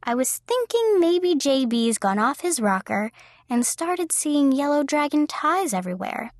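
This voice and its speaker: A woman's voice: high voice, very animated, measured pace, no echo, voice pushed up. A woman reading the lines of a young woman just out of college, with dry, polite humor. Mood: wry. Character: wry young woman, new college graduate.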